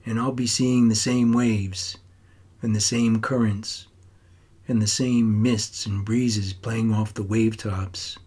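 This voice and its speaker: A troubled teenage boy writes home to his grandfather, earnest and wistful, as a man reads him. The voice sits low and husky, with an audiobook plainness. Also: a little mellow.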